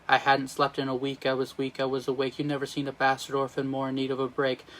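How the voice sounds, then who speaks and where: A man reading aloud as a tempted young male statesman, in a flat, even sung-spoken delivery. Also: mid-range voice, quick pace, a little hiss or hum, natural voice. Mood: confessing. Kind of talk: reading a musical script aloud.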